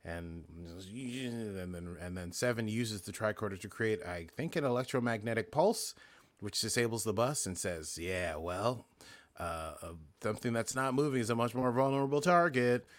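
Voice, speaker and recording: A man's voice: on the low side, normal speed, no echo. An American man co-hosting a podcast, recapping episodes in casual chat with frequent fillers and restarts. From United States. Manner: rambling, lots of filler and restarts. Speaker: podcast co-host.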